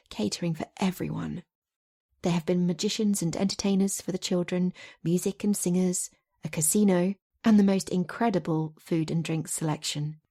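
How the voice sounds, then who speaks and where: Woman, romance audiobook narration, expressive, mellow, husky. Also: on the low side.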